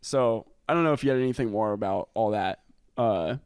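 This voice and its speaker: A man's voice: fairly low pitch, fairly quick, a little mellow, smooth, dry recording, studio quality. A young man co-hosting a podcast in casual, crude banter, rambling and trailing off mid-sentence. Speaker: podcast co-host.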